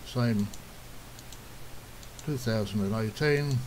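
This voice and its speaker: A man calmly walking through a software task step by step, in a plain, instructive way, now and then clearing his throat. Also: fairly low pitch, slow pace, a little hiss or hum, rough recording. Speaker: software tutorial presenter. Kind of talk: step-by-step screen tutorial.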